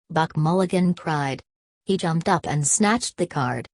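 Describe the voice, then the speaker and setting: A woman narrating a novel with a low, deep-set voice. Her reading is measured and steady. The sound is close and dry. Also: dry recording. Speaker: audiobook narrator. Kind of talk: literary audiobook narration.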